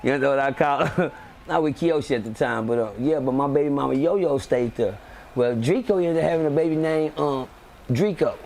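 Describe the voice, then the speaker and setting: A man telling a street story on a live stream, animated and acting out the voices of the people in it. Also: on the high side, moderate pace, gravelly, slight background noise. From Texas. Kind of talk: casual storytelling.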